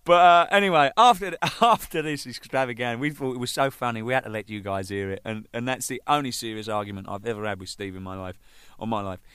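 A man's voice: mid-range voice, quick pace, fairly bright tone, clean tone, no echo. A male drummer telling rambling band anecdotes in a casual, sweary way, often laughing at his own stories. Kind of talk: casual storytelling.

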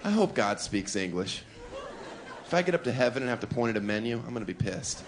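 A man's voice: medium pitch, quick pace, a faint crowd. Cheeky male stand-up comic, noisy club. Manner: cheeky, deadpan asides, laughing at own jokes. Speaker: stand-up comedian. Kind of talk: live stand-up routine. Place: comedy club stage.

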